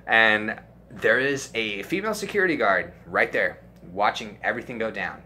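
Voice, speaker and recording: Bright-voiced young man telling crude stories. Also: on the low side, normal speed, slight background noise. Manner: crude, profanity-heavy, animated storytelling. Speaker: storytime YouTuber. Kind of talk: casual storytime.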